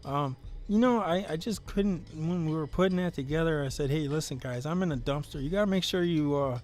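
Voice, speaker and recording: A man's voice: fairly high pitch, fairly quick, a little mellow. A man hosting a casual live stream, joking loosely and reading out viewer comments.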